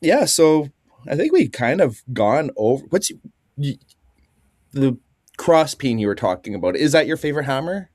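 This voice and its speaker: A man's voice: mid-range voice, sing-song, normal speed, darkish tone, no room sound, clean studio sound. A man with a Canadian accent hosting a podcast, laid-back and slangy in casual chat. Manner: laid-back, slangy, calls people dude and bud. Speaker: podcast host.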